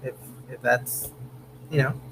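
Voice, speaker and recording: A man's voice: medium pitch, level tone, slow, creaky, fairly bright tone, rough recording. Casual male streamer from Southern California, easygoing and chatty, faint hum under the voice. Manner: laid-back, chatty, says "man" and "bro" a lot, bursts of laughter. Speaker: host of a car channel livestream. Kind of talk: casual live-stream chat reading viewer comments. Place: home room.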